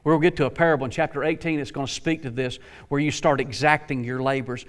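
A man preaching a sermon, swinging from quiet, low passages to impassioned, climbing outbursts. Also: fairly even intonation, fast. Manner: impassioned, rising to near-shouts, then dropping low.

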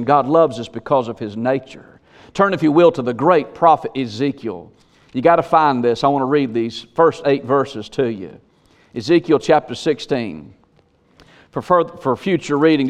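Male pastor, slightly high voice, emphatic sermon delivery with swelling questions. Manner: preaching with rising emphatic questions and slow scripture reading.

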